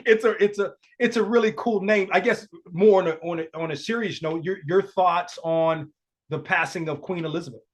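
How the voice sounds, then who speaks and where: High-voiced stumbling male podcast host. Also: moderate pace. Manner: stumbling, repeats words while asking questions. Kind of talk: casual interview.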